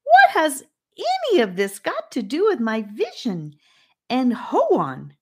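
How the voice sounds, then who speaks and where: A woman's voice: fairly low pitch, big pitch swings, slow, exaggerated voice. A woman voicing an impatient, one-track-minded red-haired boy who raises his voice. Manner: crestfallen, loud when upset.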